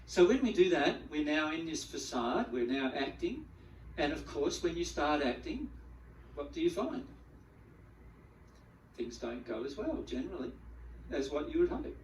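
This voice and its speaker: A man giving a spiritual teaching talk to a group, animated, acting out the feelings he describes and often repeating words as he goes. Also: on the high side, moderate pace, slight background noise. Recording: echoey room, mic at a distance.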